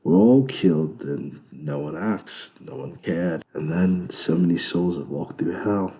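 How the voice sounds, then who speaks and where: A sardonic male devil with a British accent holds court in his club, amused and lecturing, voiced by a man. The voice sits very low and gravelly. Its tone is dark and mellow. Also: a little slow.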